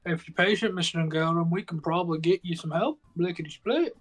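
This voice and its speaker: A man's voice: fairly high pitch, fairly quick, lightly acted. Deferential male orc played by a man, drawling, half British, half Southern; faint music behind. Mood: reassuring. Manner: put-on accent drifting from British into Southern drawl.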